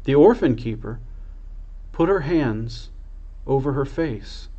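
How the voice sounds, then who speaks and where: Man, priest, reading a children's story aloud, unhurried expressive delivery, average pitch, muffled lo-fi sound.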